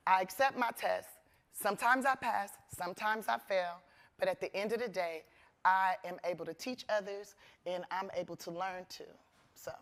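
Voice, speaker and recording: Animated woman comedian on stage. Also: mid-range voice, moderate pace, slight background noise. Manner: animated, acts out voices in quotes; earnest, gets emotional. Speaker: guest comedian. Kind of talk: onstage conversation. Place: conference stage.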